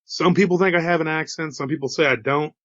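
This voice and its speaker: A man's voice: fairly high pitch, quick pace, a bit bright, dry recording, lo-fi sound. A man with a slight Texas drawl telling a story in a casual, chatty way, with folksy asides to his listeners. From Texas, USA. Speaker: host telling encounter stories.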